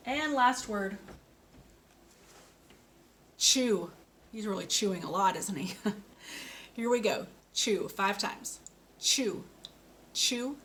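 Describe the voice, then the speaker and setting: Slow, patient woman coaching speech sounds. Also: on the high side, a bit bright, a little hiss or hum. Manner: patient, coaching, models each word slowly. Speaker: speech therapist. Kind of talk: slow, clearly articulated speech lesson for children.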